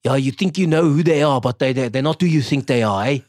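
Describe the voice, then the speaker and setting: A man voicing a teasing South African talker, louder, dry close sound. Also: medium pitch, quick pace, no echo, natural voice. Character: chatty South African-accented man telling tales.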